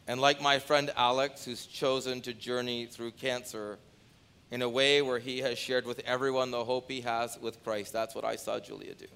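A man preaching a sermon, moving from quiet storytelling to loud, rising pleas, often repeating phrases for emphasis. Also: mid-range voice, fairly even intonation, normal speed, smooth. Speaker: pastor.

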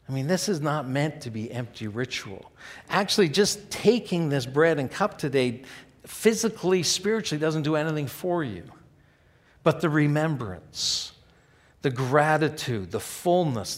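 A man preaching a sermon in an earnest, conversational way, often checking in with his listeners with rhetorical asides. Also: mid-range voice. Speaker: pastor.

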